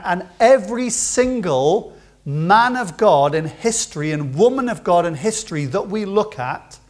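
Male pastor, sermon delivery, slightly high pitch, impassioned with big swings in volume. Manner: impassioned, swings between loud emphasis and quiet asides. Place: church.

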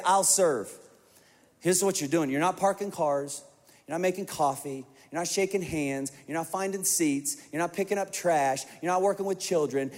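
A man preaching a sermon to a large congregation, telling stories in an animated way that swings from hushed to emphatic. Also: on the high side. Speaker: pastor. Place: large church auditorium. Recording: long reverb of a large hall.

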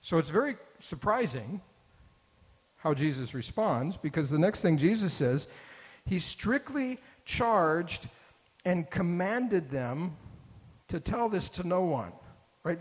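A man's voice: a little high, in a large hall. A man preaching a sermon in a conversational way that rises to emphatic bursts. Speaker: pastor.

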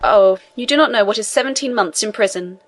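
A woman's voice: mid-range voice, brisk, lightly acted. A woman voicing a young male sailor held in prison, earnest and imploring in a storybook reading. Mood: pleading.

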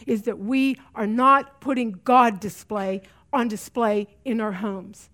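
Middle-aged woman teacher, slightly high voice, earnest, repeats key lines for emphasis. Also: normal speed, few pauses, fairly bright tone. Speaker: women's Bible study teacher. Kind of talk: teaching talk to a women's group.

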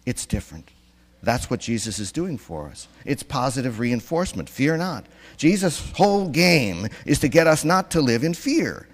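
A man's voice: medium pitch, big pitch swings, moderate pace. A man giving a sermon in a conversational way, asking his congregation questions, recorded in a church. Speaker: preacher. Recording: long reverb in a church.

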